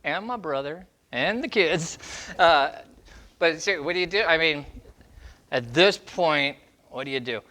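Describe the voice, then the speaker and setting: Bright, forceful man giving dog advice. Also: a little high, lively intonation, a little slow. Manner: emphatic, demonstrates scenes in short fragments. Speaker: dog trainer. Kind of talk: Q&A advice segment.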